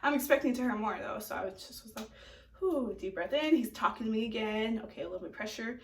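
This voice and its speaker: A woman's voice: on the high side, quick pace. Chatty young woman in an echoey room. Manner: chatty, laughs often, many fillers like "like". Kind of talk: casual storytime vlog. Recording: echoey room, distant from mic.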